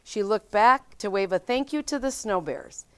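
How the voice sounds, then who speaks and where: A woman reading a picture book aloud to children as a school mystery reader, with expressive storytelling. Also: medium pitch, normal speed, smooth.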